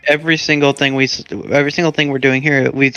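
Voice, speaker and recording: A man's voice: mid-range voice, little pitch movement, fast, fairly bright tone, clear, resonant tone, no room sound, dull audio, faint music behind. A man playing a game with friends, joking and teasing in casual chat. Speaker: co-player. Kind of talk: casual chat while gaming.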